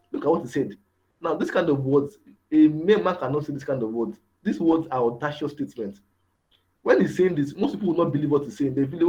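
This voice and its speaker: Talking fast in a slightly high, darkish voice, a man gives a motivational mentorship lecture. He leans on rhetorical questions and repeats key words, and the recording is dull and lo-fi.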